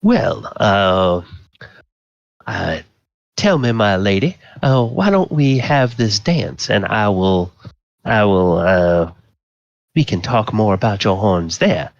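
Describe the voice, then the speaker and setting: A man voicing a smarmy, flattering man at a masquerade who courts a lady with hesitant, oily politeness. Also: fairly low pitch, slow, gravelly, no room sound, muffled recording, heavily acted. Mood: smarmy flirting. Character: smarmy flirting man at a ball.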